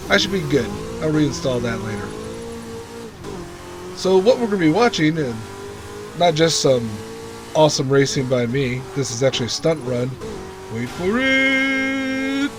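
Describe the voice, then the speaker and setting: A man's voice: fairly high pitch, moderate pace, music in the background. A man hosting his own gaming channel, talking casually over gameplay, chatty and self-mocking with frequent laughs. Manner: lively sing-song show intros.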